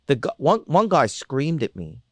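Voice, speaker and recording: A man, a comedian and radio host, chatting as a podcast guest and telling animated stories. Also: on the high side, normal speed, no room sound, clean studio sound. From Canada. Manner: animated storyteller who acts out the people he quotes. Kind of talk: casual storytelling chat.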